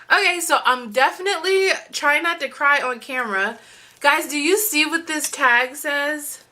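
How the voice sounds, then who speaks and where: A young woman vlogger chatting excitedly through an unboxing, gushing with lots of "you guys" and "like". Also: sits high, normal speed. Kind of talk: unboxing vlog chat.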